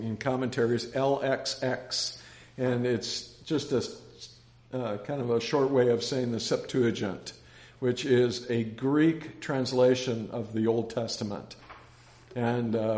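Casting note: man in mid pitch leading a relaxed Bible class, talks in loose, repeating stories, roomy echo around him. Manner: chatty, rambling, with anecdotes and restarts. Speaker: Bible study teacher. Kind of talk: casual Bible study teaching.

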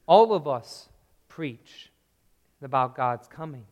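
A man preaching a sermon in a slow, earnest way, dropping to a hushed tone on key phrases, recorded in a church. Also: fairly high pitch. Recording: long reverb of a large hall.

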